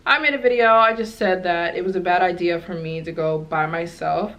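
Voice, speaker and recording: A young woman telling a travel story to camera, rambling and animated with many fillers. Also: fairly low pitch, brisk, lo-fi sound. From United States. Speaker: travel vlogger.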